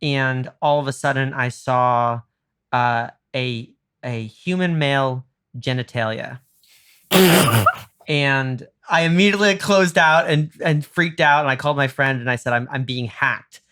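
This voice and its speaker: A man's voice: medium pitch, measured pace, clear, resonant tone. A male podcast host telling a story in casual chat, acting out quoted lines with lots of fillers. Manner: animated, acts out quotes, many fillers.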